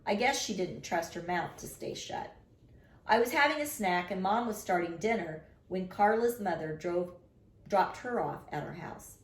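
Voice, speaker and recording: A woman reading a children's chapter book aloud, narrating expressively in the first person. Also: medium pitch. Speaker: storyteller. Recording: roomy echo.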